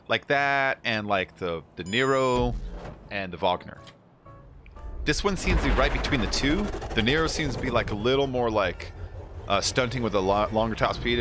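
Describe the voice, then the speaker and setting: A man streaming a racing game, chatting casually, rambling and laughing as he reads chat aloud. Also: on the low side.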